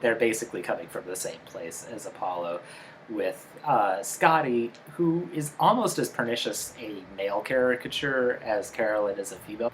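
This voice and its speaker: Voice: low-pitched, slight background noise, rough recording. Casual co-host picking apart an episode. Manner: critical, explanatory, quick asides. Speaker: podcast co-host. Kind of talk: casual review chat.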